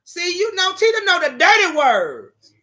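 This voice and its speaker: Woman, livestream host, casual storytelling, profane, brash, high voice. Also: animated, a little slow, pushed and bright. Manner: profane, brash, talks straight to viewers as "y'all". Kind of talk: casual storytelling to live chat viewers.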